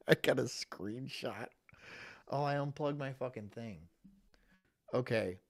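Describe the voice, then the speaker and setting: A man of medium pitch speaks a little slowly, with long pauses. On his live stream he reacts to clips in a casual, foul-mouthed way, often laughing and addressing his partner off mic.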